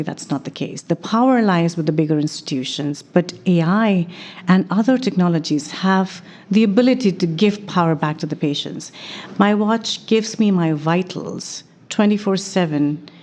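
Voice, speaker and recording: Measured woman telling business stories. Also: lowish voice, a little mellow. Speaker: guest, venture investor. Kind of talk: conversational interview.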